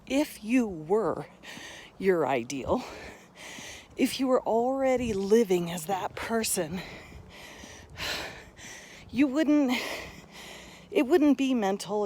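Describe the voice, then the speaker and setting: A woman giving a motivational talk to camera, earnest and coaching, a little out of breath from high elevation. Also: dark tone, a little hiss or hum. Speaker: motivational vlogger.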